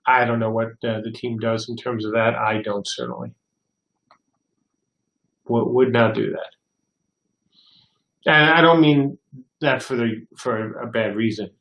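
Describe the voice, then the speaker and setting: An older man with a gravelly, mid-pitched voice hosts a casual livestream. He reads viewer questions aloud and answers them with loose, rambling anecdotes. His voice carries a roomy echo. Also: a bit bright. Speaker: game studio head hosting a livestream.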